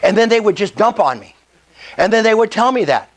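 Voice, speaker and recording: Excitable male presenter at a meetup, higher-pitched voice, salesy, eager for approval from the room. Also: a little fast, low-quality recording.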